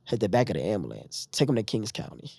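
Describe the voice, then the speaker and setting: A man's voice: on the low side, quick pace, vocal fry, husky, no room sound, clean studio sound. A man telling his own story in a casual interview, acting out what other people said to him. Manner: animated retelling, acting out others' lines. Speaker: podcast guest.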